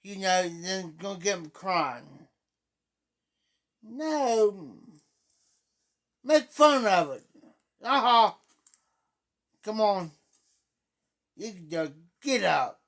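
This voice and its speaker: A middle-aged livestream host telling a story in a casual way, repeating phrases and acting out quoted speech loudly. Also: medium pitch, sing-song, extremely slow, long pauses.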